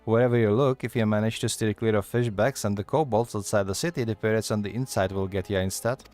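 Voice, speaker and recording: A man voicing a gruff, worldly male tavern keeper, reading the lines haltingly and stumbling over the dialect. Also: fairly low pitch, fairly even intonation, a little mellow, faint music behind, close to an everyday voice.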